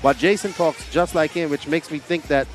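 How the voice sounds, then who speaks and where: A man co-hosting live race commentary, joking and giving shout-outs to viewers. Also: on the high side, moderate pace, soft background music.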